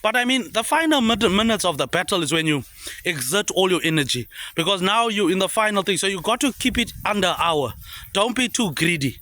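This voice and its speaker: Kiwi guy ranting on and on, high voice, lots of ups and downs, keeps saying mate eh. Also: lively intonation, fairly quick, pushed and bright, dry recording. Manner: repetitive, trailing "mate, eh" tags dropped low. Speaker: vlogger. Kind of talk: rambling monologue.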